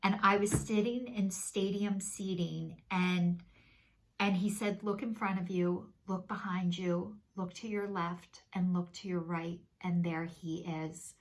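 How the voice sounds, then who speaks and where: A woman giving a spiritual oracle card reading to her viewers, speaking in a slow, earnest and consoling way, sometimes tearful. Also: lowish voice, fairly even intonation. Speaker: tarot and oracle card reader.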